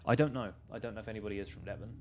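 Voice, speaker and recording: A man's voice: on the low side, racing, background noise. A man chatting casually on a game stream, rambling and laughing often. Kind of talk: casual chat.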